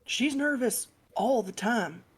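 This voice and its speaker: A woman's voice: fairly high pitch, animated, slow pace, noisy background. A woman playing in a live-streamed tabletop role-playing game, talking brashly and playfully and swearing freely. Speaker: player.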